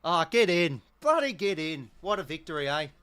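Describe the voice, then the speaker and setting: An Australian man hosting a live football watch-along, talking as an excitable, sweary fan who reacts to each play. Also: a little high, normal speed, clear, resonant tone, no echo. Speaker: host.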